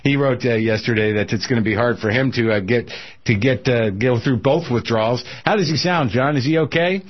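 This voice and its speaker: A man's voice: mid-range voice, a little fast. A man hosting a talk radio show, chatting casually and joking with plenty of fillers and restarts. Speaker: radio host. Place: radio studio. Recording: dull lo-fi radio broadcast.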